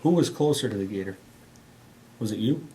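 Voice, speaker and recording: A man's voice: fairly low pitch, lively intonation, a little fast, mellow, slightly rough. A man co-hosting a radio show, chiming in with short teasing quips. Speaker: radio co-host. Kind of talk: casual banter on a radio show.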